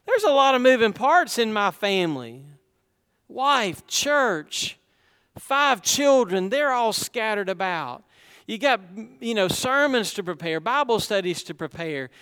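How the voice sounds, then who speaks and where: A man's voice: high-pitched, sing-song, measured pace, fairly bright tone, clear, resonant tone, in a large hall. A middle-aged man preaching a sermon, talking conversationally and asking the congregation rhetorical questions. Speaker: pastor.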